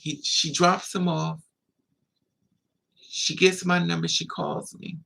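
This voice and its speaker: A man's voice: on the high side, little pitch movement, slow, creaky, pushed and bright. A man casually telling a long personal story to the camera, chatty and digressive, with laughing asides. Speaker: vlogger. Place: indoors, at home.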